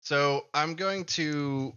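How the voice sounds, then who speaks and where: A man with a Midwestern accent chatting casually on a live stream, halting and repeating words as he thinks aloud. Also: fairly high pitch, pushed and bright, smooth, lo-fi sound. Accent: Midwestern American. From American Midwest. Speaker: live streamer and comic creator.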